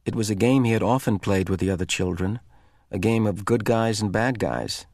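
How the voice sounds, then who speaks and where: A man reading a novel aloud with expressive, measured narration. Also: on the low side, no echo, clean studio sound. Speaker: reader.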